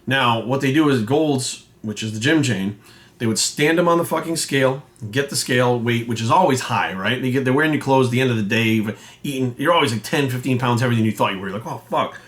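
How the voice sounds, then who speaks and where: A man's voice: medium pitch, brisk, a bit bright. A man, a fitness coach ranting casually and bluntly, swearing often and acting out quoted voices. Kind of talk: casual rant to camera.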